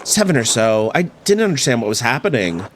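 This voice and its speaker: A man reading the lines of a caring adult daughter, gentle and lightly chiding. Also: mid-range voice, sing-song, fairly quick, slight background noise, close to an everyday voice. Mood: sad.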